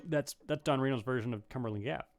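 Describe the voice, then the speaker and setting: A man's voice: mid-range voice, fast talker, over loud music. A man answering viewers' questions in a casual livestream banjo lesson, thinking aloud with many fillers and restarts. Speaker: banjo teacher. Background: banjo playing between phrases.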